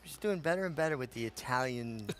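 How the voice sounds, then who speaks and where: A man's voice: medium pitch, lively intonation, fast, fairly bright tone. A man analysing horse races on a broadcast, jovial and joking with his co-hosts. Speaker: racing analyst. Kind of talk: racing commentary banter.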